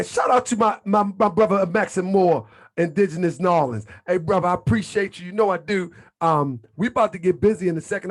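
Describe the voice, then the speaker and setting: A man hosting an online show, talking loosely and in slang to his viewers as family, live from his home computer setup. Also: high voice. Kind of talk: casual livestream talk.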